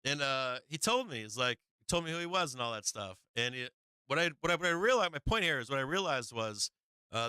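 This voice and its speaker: A man with a piercing, bright voice and a smooth, clean tone tells a long story in a loose, rambling way. He swears freely, trips over his own words, and keeps circling back before getting to the point. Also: mid-range voice, dry recording. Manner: rambling, profane, repeats himself, chuckles often. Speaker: live-stream market show host. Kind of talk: casual anecdote telling.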